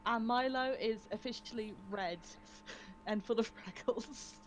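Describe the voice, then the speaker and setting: A woman's voice: on the high side, unhurried, slight background noise. A woman playing a tabletop role-playing game, bubbly and giggling as she describes her character. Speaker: player. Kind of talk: casual tabletop game chat.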